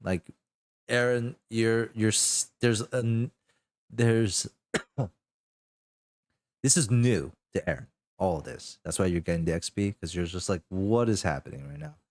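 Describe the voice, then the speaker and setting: Slow, rambling man as game master. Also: lowish voice, dry recording, clean studio sound. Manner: rambling, lots of fillers and restarts. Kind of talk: narrating a tabletop game.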